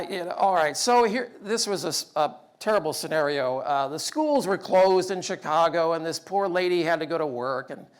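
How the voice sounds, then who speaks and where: High-voiced man telling funny stories. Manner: animated, acts out dialogue in raised voice. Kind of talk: humorous storytelling talk.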